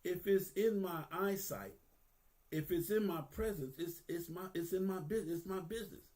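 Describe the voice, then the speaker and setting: With a high, darkish voice at a normal speed, a vlogger in his fifties talks candidly and earnestly. His street-casual, profane delivery leans on repeated phrases for emphasis.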